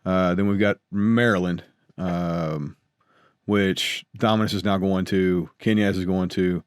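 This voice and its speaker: An American man hosting a casual podcast, working through his plans in a measured way with plenty of fillers. His voice sits low. The sound is dry and close. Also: steady tone, clear, resonant tone, dry recording. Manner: measured, filler-heavy planning talk. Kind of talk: casual chat.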